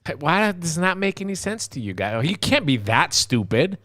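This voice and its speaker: A man co-hosting a casual live stream, reading viewer comments and ranting with lots of profanity, dropping to mutters and rising to shouts. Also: a little high, very animated, moderate pace, dry recording, studio quality. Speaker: co-host of a live vaping talk stream.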